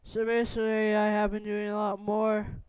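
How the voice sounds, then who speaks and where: A woman's voice: medium pitch, completely flat delivery, moderate pace, darkish tone, clear, resonant tone, dry recording, lightly acted. A woman voicing a cheerful young male hero who talks in an easygoing, affectionate way. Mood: friendly.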